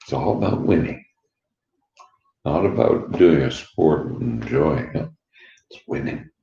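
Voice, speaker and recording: A man in his sixties with a gravelly voice, rambling bluntly and profanely and laughing between remarks. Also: sits low, very animated, a little slow, slight background noise. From Canada. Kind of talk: rambling personal monologue. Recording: dull echoey room recording.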